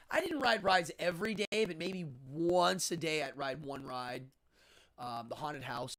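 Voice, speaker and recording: A middle-aged man from Pennsylvania hosting a livestream, casually telling a childhood story and acting out voices. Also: on the high side. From Altoona, Pennsylvania. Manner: animated, acts out other people's voices in quotes. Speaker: host.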